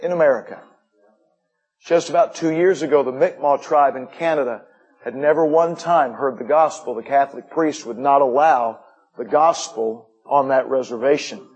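A man's voice: mid-range voice, moderate pace, a little mellow, husky, highs cut off. A middle-aged man giving a missionary report to a church, folksy, with joking asides. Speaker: missionary preacher.

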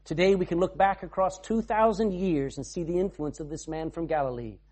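A man preaching a sermon, swinging from loud to hushed and reading scripture in old-fashioned wording. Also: sits high, a little fast.

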